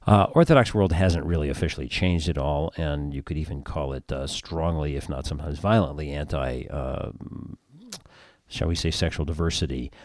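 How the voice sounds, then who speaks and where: Male radio host, very low voice, dry studio sound, jokey and conversational. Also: moderate pace, a little mellow, no room sound. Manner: conversational, playful wordplay. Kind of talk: radio talk show hosting.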